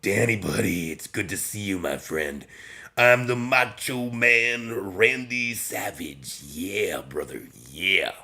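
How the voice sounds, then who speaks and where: A man's voice: lowish voice, animated, bright, forceful tone, voice pushed up, heavily acted. A man on a livestream doing a wrestler impression, growling and drawn out. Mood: hyped. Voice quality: gravelly. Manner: growling, drawn-out hype delivery. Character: gravelly over-the-top wrestler impression, grown man. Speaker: streamer.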